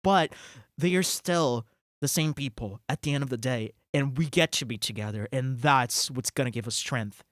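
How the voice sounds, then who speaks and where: Speaking at a normal pace in a mid-range voice, a game streamer gives excitable live commentary, musing out loud while cursing and laughing mid-sentence. The recording is dry and studio-quality.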